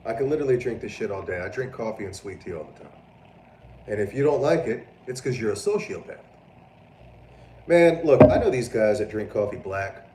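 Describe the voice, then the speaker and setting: A man hosts a casual livestream, reading viewer comments and riffing loudly with plenty of swearing. His voice sits low and sounds roomy, picked up from a little distance off the mic, with a faint hiss behind it. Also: a little fast. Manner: loud, animated, profane, prone to mocking voices. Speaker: livestream host.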